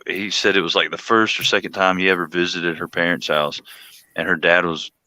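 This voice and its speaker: A man's voice: low-pitched, level tone, a little fast, pushed and bright, no room sound. A man from Georgia with a Southern accent, chatting casually and laughing through his stories. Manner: laughs while telling stories, drawling slang. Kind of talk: casual chat.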